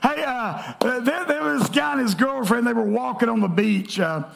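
Male pastor, lively joking sermon delivery to a congregation; high-pitched, gravelly tone. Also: moderate pace. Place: church sanctuary.

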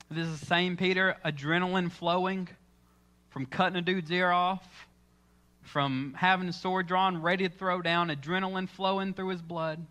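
A man's voice: high voice, steady tone, unhurried, pushed and bright. A man preaching a sermon in church, telling the story with dramatic, acted-out lines. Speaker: pastor.

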